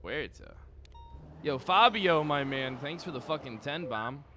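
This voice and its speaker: Lively, bright-toned young male streamer. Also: on the high side, unhurried, a little hiss or hum. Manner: rambling, profane, laughs often. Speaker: streamer playing a police officer in a game. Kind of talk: casual stream chat.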